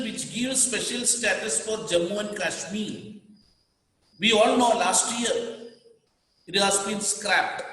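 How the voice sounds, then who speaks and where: A male teacher with an Indian English accent gives a classroom lecture and stops to define each term. He repeats key words so students can write them down, and his voice sits fairly high for a man. The recording is very echoey, with a long hall-like reverb. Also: pushed and bright.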